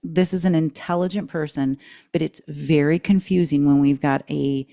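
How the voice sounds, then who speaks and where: A woman with a low, gravelly voice hosts a podcast in loose conversation. She talks in an animated, emphatic way and often laughs mid-sentence. Her tone is dark and mellow. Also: moderate pace. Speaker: podcast host. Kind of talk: casual podcast chat.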